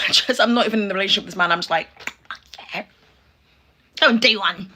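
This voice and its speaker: Sassy young woman, bright voice. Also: mid-range voice, brisk. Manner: sassy, exclaiming, talks straight to viewers. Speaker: YouTuber reacting to a video. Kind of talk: casual reaction commentary.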